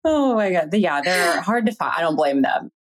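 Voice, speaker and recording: A woman from the United States hosting a podcast, chatty and quick to laugh while asking questions. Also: fairly low pitch, very animated, rough recording. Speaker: podcast host. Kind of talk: casual interview chat.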